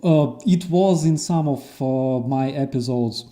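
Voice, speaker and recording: A man hosting a casual interview, who tells stories in an animated way and acts out the people he quotes. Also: mid-range voice, measured pace. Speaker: host.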